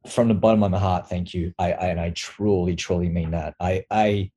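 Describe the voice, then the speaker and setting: An emotional man from Australia, a podcast guest, speaking haltingly with restarts and blunt swearing. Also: low-pitched, fairly even intonation, dark tone, slight background noise. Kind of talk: candid interview talk.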